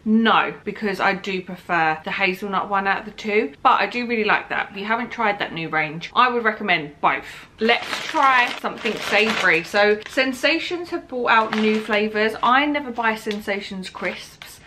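A young woman with a bright, forceful voice talks through a snack taste test. She is tired and heavily pregnant, chatty and candid, and often speaks between bites. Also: mid-range voice, moderate pace, few pauses, a little hiss or hum. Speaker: vlogger. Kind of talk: casual taste-test vlog.

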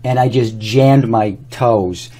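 A man's voice: mid-range voice, slow pace, dark tone. A man talking casually to camera, rambling through anecdotes while demonstrating a product on his own body. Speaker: presenter demonstrating a health product.

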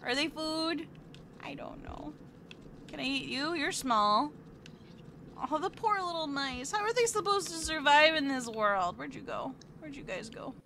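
A woman's voice: sits high, expressive, a little slow, pushed and bright, slight background noise. A woman streaming a game live, chatting playfully with her viewers, fake-whining and squealing at what happens on screen. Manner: playful, chatty, reads chat aloud.

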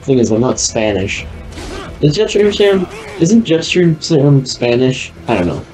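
Young man, gameplay commentary, joking, rambling, medium pitch, faint game music. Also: sing-song, unhurried, a little mellow, rough recording. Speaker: gaming video host.

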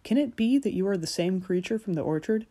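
A woman voicing a kind young prince in a fairy-tale audiobook, speaking gently but with quiet authority. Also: mid-range voice, lively intonation, quick pace, natural voice. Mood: gentle. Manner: gentle yet commanding.

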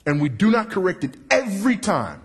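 A husky, slightly breathy male preacher with a big voice delivers a sermon. He speaks emphatically and wryly and works the crowd. His voice swings from loud to low. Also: huge pitch swings, brisk. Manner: confessional and wry, working the crowd.

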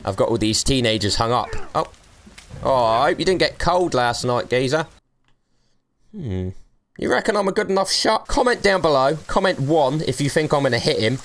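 A young man streams a survival game and talks over it, cheeky and taunting. His pitch leaps around constantly, and he laughs often between his jibes. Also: lively intonation, moderate pace, fairly bright tone. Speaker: gaming streamer. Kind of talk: let's play commentary.

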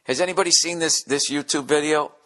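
Guy ranting on his podcast, swears a ton, bright sharp voice, does bits with voices. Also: on the high side, fairly quick. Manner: profane, ranting, acts out bits in character voices; drops to a hushed near-whisper in acted scenes. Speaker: podcast host. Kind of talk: solo rambling podcast monologue.

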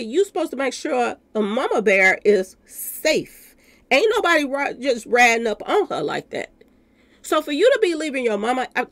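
Animated woman hosting a gossip channel. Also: a little high. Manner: talks straight to viewers, calling them y'all. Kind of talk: commentary on a news clip.

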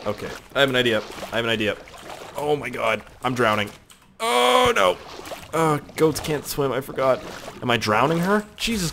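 A man giving excitable, crude let's-play commentary, swearing a lot and joking to himself. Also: mid-range voice, slight background noise. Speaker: gaming video host.

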